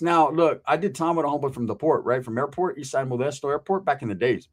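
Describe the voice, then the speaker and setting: A man's voice: mid-range voice, fast talker, few pauses. A man telling a profane, streetwise story in casual talk and acting out the people in it. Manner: animated, streetwise, acts out the people he quotes.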